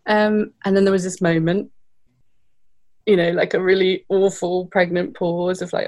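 Warm, low-voiced British woman. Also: flat delivery, unhurried. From Britain. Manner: reflective, heartfelt, with frequent fillers. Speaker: guest. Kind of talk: candid interview storytelling.

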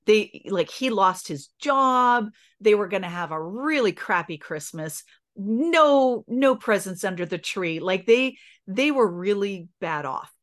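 A woman's voice: medium pitch, lively intonation, measured pace. A middle-aged woman speaking as a podcast guest. She tells a personal story earnestly and with feeling, stopping and restarting as she goes.

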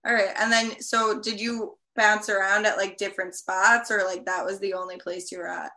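A young woman hosting a casual talk, chatty and blunt, who often says "like". Her voice is bright and forceful. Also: mid-range voice, flat delivery, moderate pace. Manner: chatty and blunt, with frequent "like" and laughs. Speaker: podcast host. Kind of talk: casual conversation.

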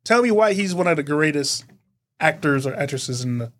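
A man's voice: fairly high pitch, lively intonation, normal speed. Teasing man arguing about sci-fi. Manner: teasing, argumentative fan. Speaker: podcast co-host. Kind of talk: casual chat.

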